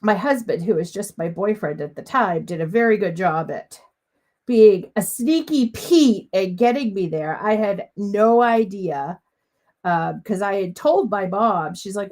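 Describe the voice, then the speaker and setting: A woman's voice: mid-range voice, expressive, measured pace, a little mellow. A middle-aged woman demonstrating papercrafts live from her home craft room, talking in a chatty, bubbly way, a little sniffly with a cough.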